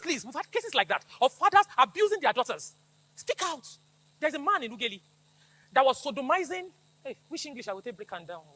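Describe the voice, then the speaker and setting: A woman's voice: high voice, fairly bright tone. A middle-aged woman with a Nigerian accent, a police officer giving an emphatic call-and-response talk to schoolchildren. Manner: emphatic, preachy, repeats slogans for the crowd to echo.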